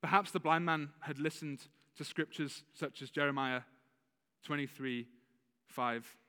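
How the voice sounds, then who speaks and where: A fairly high-voiced man preaching a sermon in a relaxed, conversational way, with a slight lisp. His voice rings with the long reverb of a church hall. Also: measured pace, clean tone. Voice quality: slight lisp on some words. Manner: conversational, with self-corrections and laughs. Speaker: pastor.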